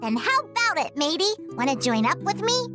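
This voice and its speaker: A woman's voice: very high-pitched, very animated, moderate pace. An actress voicing a spunky young girl pirate in a video game, talking in cheeky pirate slang. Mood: cocky. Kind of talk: game voice acting. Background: game music.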